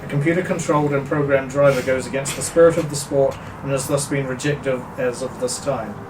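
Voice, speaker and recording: A man serving as game master, narrating a tabletop game and reading in-world news in a steady announcer tone. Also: medium pitch, fairly quick. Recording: distant roomy mic with loud background noise.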